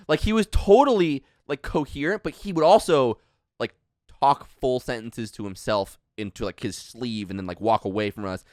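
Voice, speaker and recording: A man on a podcast tells a story with lively swings in his voice, swearing freely and acting out each quote. He is recorded on a close, dry mic. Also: medium pitch, brisk, no room sound. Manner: animated, swearing, acts out quotes. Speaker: podcast host. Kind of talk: casual storytelling chat.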